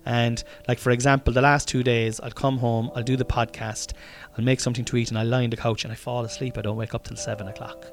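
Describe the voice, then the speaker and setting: A man's voice: medium pitch, little pitch movement, quick pace. An Irish man hosting his own podcast in a rambling, tired, casual diary style, swearing often and restarting sentences. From Ireland. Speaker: podcast host.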